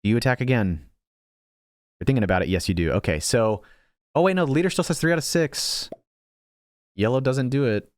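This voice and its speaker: A man's voice: mid-range voice, lively intonation, a little fast, pauses often, no room sound, studio quality. A young man commentating his own strategy game casually, thinking aloud and teasing himself about his misplays. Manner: thinks aloud, self-mocking, frequent restarts. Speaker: gaming channel host.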